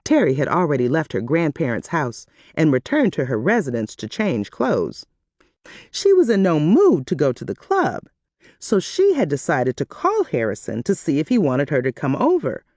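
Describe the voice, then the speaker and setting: Audiobook narrator, woman, lowish and very animated, dry close-mic sound. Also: moderate pace, dry recording. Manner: expressive, animated reading.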